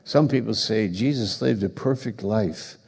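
Slow-talking pastor guy, gravelly, echoing around a big church hall. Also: fairly low pitch. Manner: slow, emphatic preaching, rising to forceful accusation. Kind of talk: sermon.

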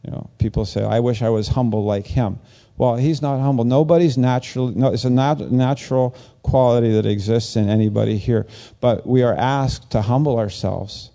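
A man giving a casual, conversational sermon as a pastor, rambling and animated, jumping up in pitch when he acts out quoted lines. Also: moderate pace, creaky, hardly any pauses.

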